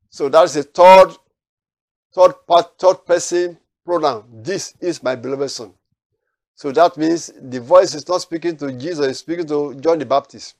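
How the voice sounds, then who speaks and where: A man with a slightly higher voice leads a Bible study. He reads scripture aloud and then explains it, often restarting his phrases. The sound is dry and close. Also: normal speed, darkish tone, dry recording. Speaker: Bible teacher.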